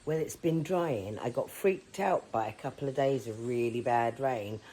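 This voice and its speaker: A woman's voice: a bass voice, normal speed, mellow, a little hiss or hum, poor audio. A woman potter narrating her own pottery vlog in a chatty, playful way, dropping jokey asides as she goes. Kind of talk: casual vlog voice-over narration. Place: Saint Lucia.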